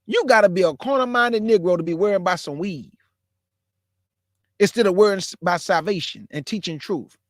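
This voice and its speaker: A man's voice: high-pitched, a little fast, no room sound, clean studio sound. A man in his forties giving a casual, emphatic preaching talk as a caller in an online religious discussion, calling his listeners bro and y'all. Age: 40s.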